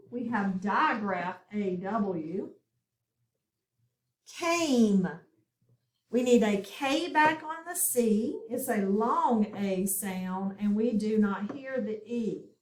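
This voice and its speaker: Slow, patient woman teaching phonics. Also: on the high side, reverberant. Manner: patient, step-by-step instruction with frequent "okay?" check-ins. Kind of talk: online phonics lesson.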